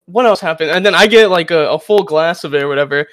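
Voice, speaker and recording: A man's voice: fairly high pitch, fast talker, fairly bright tone, no room sound. A man telling a rambling story in casual podcast chat, full of restarts.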